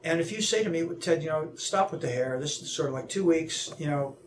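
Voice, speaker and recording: Interviewed about his work, a man who speaks at anti-bullying seminars talks animatedly, voicing the people he quotes and frequently restarting sentences. His pitch is fairly high and his pace brisk, with slight background noise.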